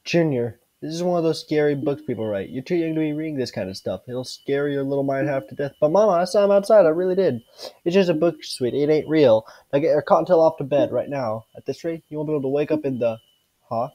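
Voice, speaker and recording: A man's voice: a little high, expressive, quick pace, warm tone, highs cut off, close to an everyday voice. A man reading the lines of a tired, worried mother in a folksy way, with a mild attempt at a southern voice.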